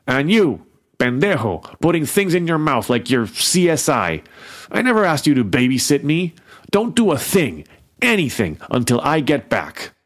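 A man's voice: fairly high pitch, very animated, moderate pace, gravelly, few pauses, voice pushed up, exaggerated voice. A man voicing a hot-tempered, protective teenage boy who talks in a brash, snappy way. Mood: heated.

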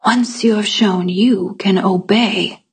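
A stern female tanner and teacher, cold and commanding, with a husky edge to her voice, as a woman narrator puts her on. She speaks in a storybook reading. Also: medium pitch, steady tone, slow, full character voice. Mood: hushed.

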